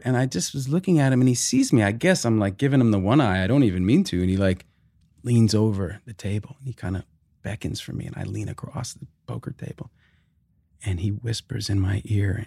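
A middle-aged man chatting as a podcast guest, speaking at a middle pitch. He tells stories with lively energy, swearing casually and restarting his sentences. The sound is close and dry, like a studio mic. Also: fairly quick, vocal fry, dry recording. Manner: animated storyteller, swears, acts out quotes.

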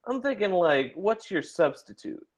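A man hosting a podcast in a playful, joking way, spinning silly hypothetical setups for his guest. His voice sits a little higher than most men's. He keeps the chat loose and easygoing. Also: very animated, moderate pace. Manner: playful, jokey, sets up absurd scenarios. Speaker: podcast host. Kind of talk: casual interview chat.

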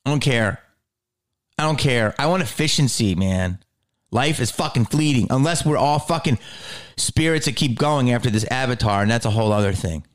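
A man's voice: animated, moderate pace. Profane ranting man comedian. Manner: swaggering, profane, heated ranting with sudden pitch jumps.

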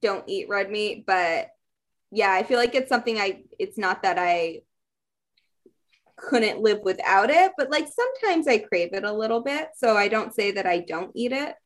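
A woman's voice: mid-range voice, lively intonation, normal speed. A young woman co-hosting a podcast in casual chat, talking with lots of fillers. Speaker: podcast co-host.

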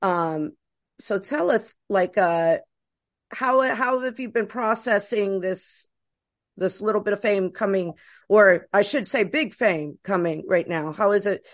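A woman hosting a casual interview, warmly praising her guest and laughing often. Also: medium pitch, unhurried. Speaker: podcast host.

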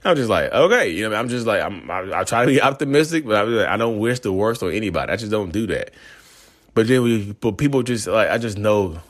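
A man's voice: lowish voice, expressive, fairly quick. A man ranting in a casual monologue, rambling and repeating himself as he acts out quoted voices. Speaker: self-aware narcissist vlogger.

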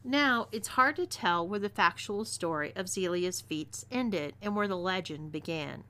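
A woman with a Texan twang narrating a scripted first-person western story with expressive delivery. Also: on the low side, unhurried. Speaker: narrator, audio story reader.

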